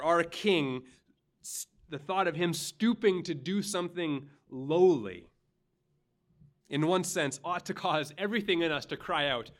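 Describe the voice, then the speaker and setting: A man preaching a sermon as pastor, earnest and dramatic, pausing often and checking in with the congregation with a quick "right?". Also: fairly high pitch, expressive. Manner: earnest, dramatic, with pauses and rising emphasis; frequent "right?" asides to the congregation.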